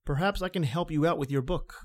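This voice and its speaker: A man's voice: a little high, close to an everyday voice. A man playing a suave mocking villain. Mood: suave menace. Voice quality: suave, smooth and measured. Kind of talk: 1930s radio drama acting.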